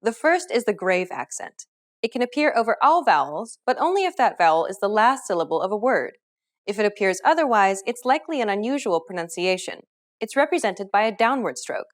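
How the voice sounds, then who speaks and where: A woman teaching a scripted pronunciation lesson, explaining clearly and upbeat, modeling example words. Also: mid-range voice, very animated, a little fast. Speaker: language teacher.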